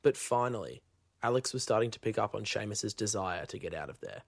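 A man giving scripted narration with measured, dramatic scene-setting. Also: lowish voice, animated, creaky.

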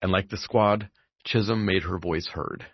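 A man hosting a podcast, giving calm, even scripted narration. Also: deep voice, a little slow, husky, dry recording, dull audio. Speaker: podcast host.

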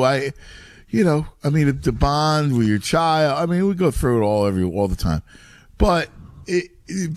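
A man's voice: a little high, no room sound. A middle-aged man in casual chat who talks animatedly, stumbles over his words, and says "dude" a lot.

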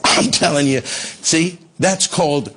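A man pastor telling a testimony in a sermon, impassioned, building to shouts at the climax. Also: a little high, slow pace. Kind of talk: sermon storytelling.

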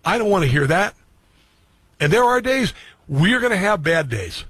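Husky earnest male radio host. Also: high-pitched, very animated, moderate pace, a bit bright, no echo. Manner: earnest, repetitive, restarts phrases. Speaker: radio and streaming show host. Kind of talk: reflective monologue to listeners.

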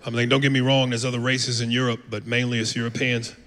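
A man's voice: mid-range voice, level tone, quick pace. An American man doing stand-up on a club stage, telling brash, profane stories with lots of animation. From United States. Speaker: stand-up comedian. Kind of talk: stand-up routine. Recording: live club mic with long reverb and noise. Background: audience laughter.

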